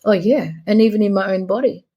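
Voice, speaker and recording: Middle-aged woman, podcast guest, warm dark tone, husky edge, chatty storytelling. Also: mid-range voice, a little fast, muffled recording. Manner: storytelling, acts out her talks with clients. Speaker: guest, pelvic therapist. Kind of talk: conversational podcast interview.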